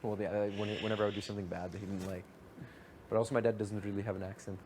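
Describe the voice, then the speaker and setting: Fast-talking young man, rambling casually. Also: on the low side, flat delivery, a little mellow, slight background noise. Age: young adult. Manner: fast, rambling, heavy on fillers. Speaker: reality show houseguest. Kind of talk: casual late-night chat.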